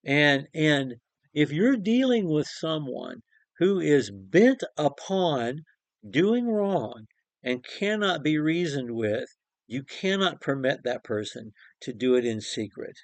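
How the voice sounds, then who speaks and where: A man's voice: on the high side, big pitch swings, slow, dry recording. A man preaching a short devotional Bible talk in an earnest, emphatic way, repeating phrases and restarting sentences.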